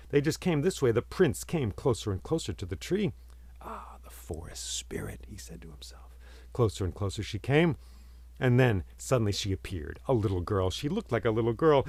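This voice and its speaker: A man telling a folk tale aloud, expressive and lingering on vivid words, sometimes dropping to a hush. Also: mid-range voice, no room sound. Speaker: storyteller and podcast host. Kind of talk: oral storytelling.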